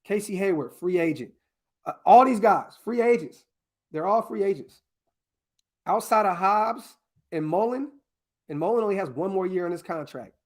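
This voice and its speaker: A male podcast host in casual live-stream chat, excitable and profane, talking straight to his viewers as he works through a mock draft. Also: high voice, normal speed, pauses often.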